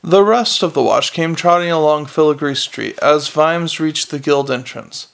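A man's voice: a little high, moderate pace, vocal fry. A man narrating a novel aloud in a plain, unpolished reading with frequent restarts. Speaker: audiobook reader.

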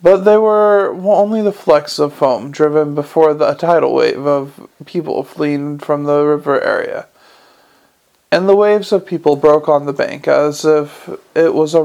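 A man's voice: fairly high pitch, unhurried, creaky, a little mellow, clean tone. A man reading a novel aloud as narrator, unpolished, with slips and restarts.

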